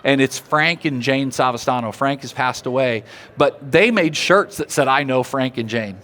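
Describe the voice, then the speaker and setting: A man giving a live seminar talk, animated and drawing the audience in with questions. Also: medium pitch, moderate pace. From Oklahoma. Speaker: seminar speaker. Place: seminar room.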